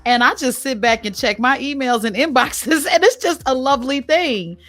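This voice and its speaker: Talkative woman host, a bit high-pitched, easy laughs, dry close sound. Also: moderate pace, dry recording, soft background music. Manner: lively, talkative, laughs often. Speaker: podcast host. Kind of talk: casual interview chat.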